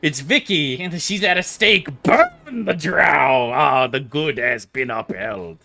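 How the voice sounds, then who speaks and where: A man voicing a pompous, self-righteous paladin knight who speaks in solemn, slow proclamations. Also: fairly high pitch, expressive, gravelly, pushed and bright, heavily acted. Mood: smug.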